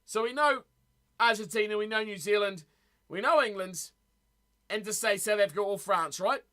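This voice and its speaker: Chatty high, bright-voiced male streamer. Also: normal speed. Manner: chatty, reacts to chat, repeats words. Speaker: streamer reading live chat. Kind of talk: casual live-stream chat.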